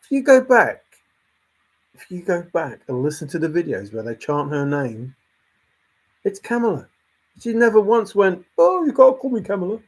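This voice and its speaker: A man's voice: a little high, big pitch swings, moderate pace, pauses often. A man who hosts a channel, ranting in a casual, exasperated way and repeating his points. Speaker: channel host. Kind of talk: casual opinion rant.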